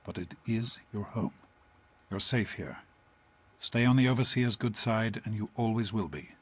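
A caring game father, a vault doctor who talks with quiet, earnest reassurance. His voice is husky, never raised. He sounds patient and protective throughout. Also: fairly low pitch, normal speed. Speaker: father of the player character.

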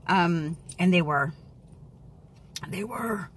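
A woman's voice: mid-range voice, lively intonation, normal speed, long pauses, a bit bright, breathy edge. A woman in her thirties from the United States, chatting animatedly to the camera in a casual vlog. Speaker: vlogger.

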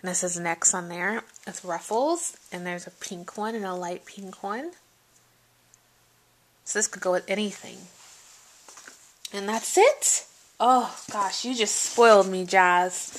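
A woman vlogger chatting casually through an unboxing, gushing, her voice jumping high when something delights her. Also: slow pace, long pauses. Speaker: vlogger showing a gift package.

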